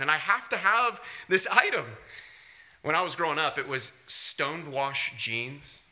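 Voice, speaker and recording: Man, pastor, sermon, high voice, lively swinging pitch, emphatic. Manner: emphatic, rising to high bursts on key words; drops to quiet, wry storytelling with light laughs.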